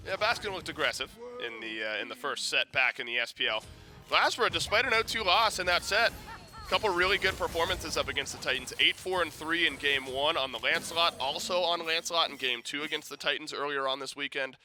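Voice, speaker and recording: Male esports analyst, very bright tone, chatty with restarts. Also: a little high, brisk, soft background music. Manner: conversational, many restarts and fillers.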